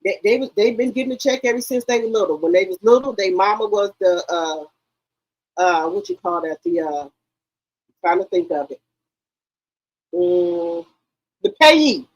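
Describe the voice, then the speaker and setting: A woman hosting a live stream, telling stories in an animated, laughing and profane way. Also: mid-range voice, moderate pace, pauses often, highs cut off. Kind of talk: casual chat on a live stream.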